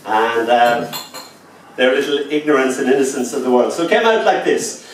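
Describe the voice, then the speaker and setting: A man's voice: mid-range voice, normal speed. A man giving a live poetry reading, mixing rhythmic recited verse with dry, wry asides. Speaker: poet. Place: live reading venue indoors. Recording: echoey room, distant mic, faint noise.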